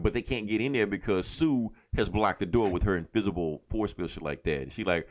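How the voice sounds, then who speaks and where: Low-voiced man animatedly retelling a comic. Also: a little fast. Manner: animated retelling, acting out characters' lines, heavy cursing. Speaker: podcast co-host. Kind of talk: casual comic book review chat.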